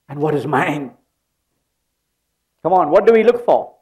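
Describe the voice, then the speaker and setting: Slow, emphatic preacher. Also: male voice, a little high, lively intonation, darkish tone. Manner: emphatic call-and-response preaching. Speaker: pastor. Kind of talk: sermon. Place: church.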